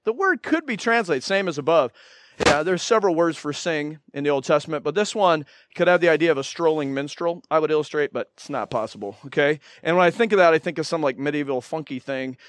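A man preaching a sermon, lively and animated, who acts out other people's voices in his stories. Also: on the high side, fast. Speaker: pastor.

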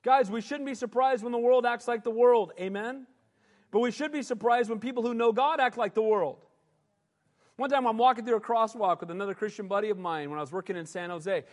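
Man, pastor, sermon, conversational preaching, high voice, long reverb. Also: fairly quick. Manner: conversational preaching, calls out "amen?".

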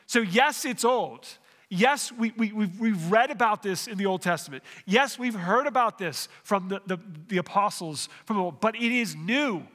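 A man's voice: high voice, normal speed, a bit bright, long reverb tail. A man preaching a sermon, working through a passage verse by verse, often restarting phrases and asking the congregation questions. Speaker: pastor.

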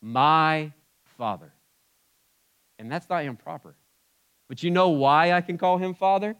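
A man preaching a sermon in a conversational way, swinging between loud emphatic bursts and quiet asides. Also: sits high, normal speed, clear, resonant tone. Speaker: pastor.

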